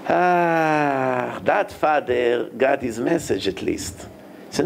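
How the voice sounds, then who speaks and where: Animated rabbi lecturing. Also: male voice, medium pitch, takes it slowly, vocal fry, a little hiss or hum. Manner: animated, acts out quoted dialogue in a raised voice; non-native English with grammar slips. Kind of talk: Torah lecture.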